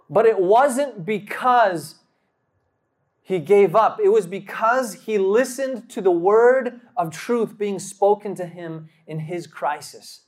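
A man preaching a sermon, telling a personal story slowly and dramatically, acting out quotes and breaking into sudden loud bursts. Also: sits high.

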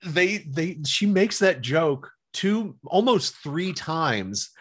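A man co-hosting a casual movie review podcast, animated and laughing often. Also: fairly high pitch, slow, slightly rough. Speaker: podcast co-host.

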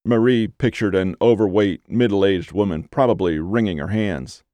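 This is scripted audiobook narration by a man with a lowish voice, delivered in an even, measured way. The recording is dry.

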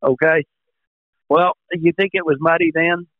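A man's voice: on the high side, little pitch movement, a little slow, dry recording. A man co-hosting a casual golf podcast, telling folksy stories and chuckling as he goes. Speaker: podcast co-host. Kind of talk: casual chat. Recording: tinny phone-like line.

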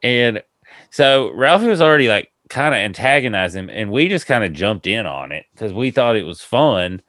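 Rambling storytelling podcast man, low voice. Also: normal speed, no room sound. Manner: rambling, laughing, animated retelling with quoted voices. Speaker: podcast host. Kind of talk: casual storytelling chat.

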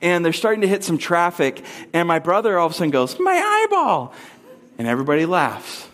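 Animated storytelling male pastor. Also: a little fast. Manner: casual, animated storyteller with high-pitched voice impressions. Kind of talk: sermon with personal storytelling.

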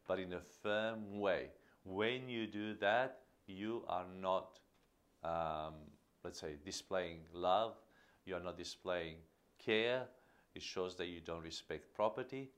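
A man with a fairly low voice delivers a podcast monologue on parenting. He speaks earnestly and with emphasis, often repeating words to drive a point home. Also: normal speed, a bit bright. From Australia. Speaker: podcast host.

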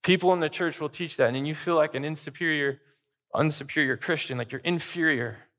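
A man's voice: fairly high pitch, a little fast, fairly bright tone. A pastor preaching a sermon, stressing his points with repeated lists. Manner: emphatic preaching with list-like repetition.

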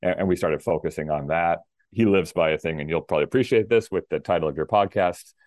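A middle-aged man from Minnesota with a very deep, low voice tells the story of his tennis career as an interview guest. He talks in an easy, rambling way, full of fillers and restarts. The recording is dry and close, with no room sound. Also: quick pace, a little mellow, dry recording. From Minnesota, USA. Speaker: guest, former pro tennis player. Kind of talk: casual interview talk.

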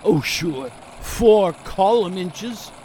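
A man's voice: high-pitched, expressive, drawn-out words, warm tone, slight background noise, exaggerated voice. A man playing a haughty, grudge-holding news writer, pompous and sarcastic. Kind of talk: audio drama acting.

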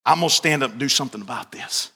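A woman's voice: very deep voice, rapid-fire, pushed and bright, slightly rough, big-room sound, pitched below the performer's own voice, heavily acted. A man voicing a resolute, determined childless woman who has decided to stand up, in a sermon. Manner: firm, determined.

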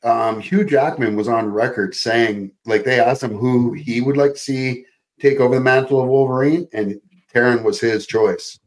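A man's voice: medium pitch, normal speed. A Canadian man, an actor appearing as a podcast guest, chatting casually and animatedly while swearing freely. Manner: animated storyteller, swears casually, puts on accents. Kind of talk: casual chat.

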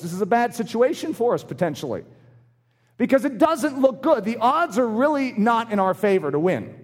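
A man's voice: very high voice, moderate pace. A man preaching a sermon, acting out short voices in his illustrations. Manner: animated, acts out little voices in his illustrations. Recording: long hall reverb.

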